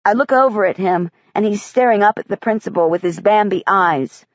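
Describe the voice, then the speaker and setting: A woman reading a first-person audiobook in a measured, quiet way. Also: medium pitch, dry recording, dull audio. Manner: measured, quiet child's-eye telling. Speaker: audiobook narrator.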